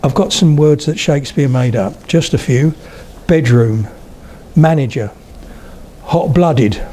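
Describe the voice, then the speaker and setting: At a measured pace, in a mellow, medium-pitched voice, an older man lectures on spoken English during a public talk for around eighty people, chatting through anecdotes and checking in with the audience. A little hiss or hum can be heard.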